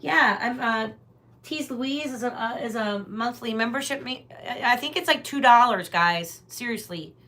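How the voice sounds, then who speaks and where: A woman's voice: fairly high pitch, normal speed, few pauses, sharp tone. A woman hosting a live tarot reading stream, chatting casually and talking straight to her viewers. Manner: chatty, rambling, talks directly to viewers. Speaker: tarot reader, livestream host.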